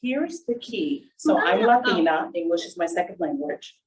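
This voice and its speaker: Low-voiced woman on a distant video call. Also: lively intonation, normal speed. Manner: earnest, explanatory. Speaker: panelist. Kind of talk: webinar panel talk.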